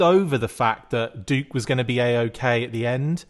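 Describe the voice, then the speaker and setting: Podcast host guy, average pitch, rambly and jokey, laughs a lot. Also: moderate pace, hardly any pauses. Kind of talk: casual podcast chat.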